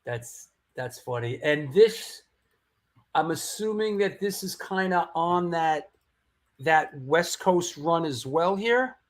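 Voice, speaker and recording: Higher-voiced man hosting a chatty interview. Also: expressive, slow. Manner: brief backchannel replies, loose filler-heavy speech. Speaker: podcast host. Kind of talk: casual interview chat.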